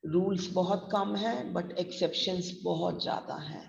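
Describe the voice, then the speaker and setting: A woman's voice: fairly low pitch, steady tone, racing, creaky, slight background noise. A woman with a Gujarati accent teaching a pronunciation class, who spells words out letter by letter and switches into Hindi. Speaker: pronunciation trainer. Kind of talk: online class lecture. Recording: distant, roomy, muffled lo-fi sound.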